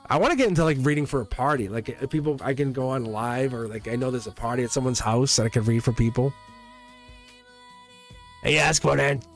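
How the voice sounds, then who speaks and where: A man hosting a live tarot stream in a casual, rambling way, chuckling often and joking with his viewers. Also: medium pitch.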